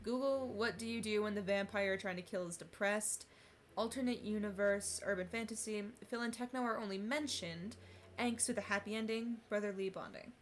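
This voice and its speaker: A woman's voice: mid-range voice, brisk, a little hiss or hum. A young woman chatting casually on a live stream before reading fan fiction, giggly and full of fillers and restarts, on a cheap streaming mic. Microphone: cheap streaming mic on a laptop.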